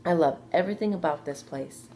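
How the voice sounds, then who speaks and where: A woman's voice: fairly quick, mellow, a little hiss or hum. A woman voicing a young, anxious and eager male pig in a read-aloud storybook, earnest and pleading. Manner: earnest, pleading, higher than her narration.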